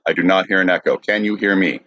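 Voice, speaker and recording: A man's voice: sits low, fast talker, fairly bright tone, no room sound, muffled recording. A man hosting a podcast livestream who stays patient and apologetic while he troubleshoots the audio. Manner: apologetic, patient under insults. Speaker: podcast host.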